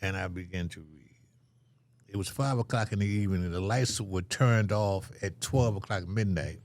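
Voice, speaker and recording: A man's voice: sits low, moderate pace, darkish tone. An older man telling a story as an interview guest, acting out the voices of the people in it.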